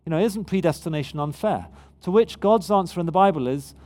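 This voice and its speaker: A man's voice: high voice, expressive, fairly quick, a little mellow. A man preaching a sermon in a conversational yet emphatic way. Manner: conversational, emphatic, with frequent restarts.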